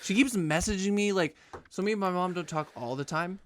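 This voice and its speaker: A man's voice: sits high, brisk. A man around thirty co-hosting a podcast, chatting crudely and mocking himself. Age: young adult. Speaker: podcast co-host. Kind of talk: casual banter.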